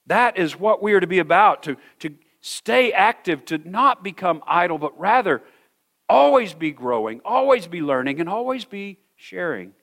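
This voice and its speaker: A man's voice: high voice, very animated, fairly bright tone. Earnest middle-aged male pastor preaching. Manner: earnest, repeats words, slows down for emphasis. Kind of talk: sermon. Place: church hall with a congregation.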